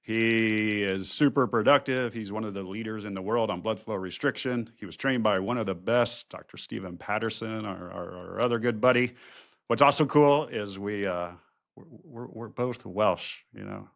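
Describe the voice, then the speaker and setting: Man, middle-aged, podcast host, easygoing chatter, fillers, lowish voice. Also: moderate pace, vocal fry. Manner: relaxed, chatty, many fillers. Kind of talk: casual podcast chat.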